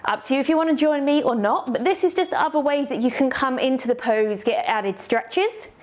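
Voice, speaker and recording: High-voiced yoga teacher, woman. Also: fairly quick. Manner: encouraging, cueing poses step by step. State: slightly out of breath. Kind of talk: instructional yoga class.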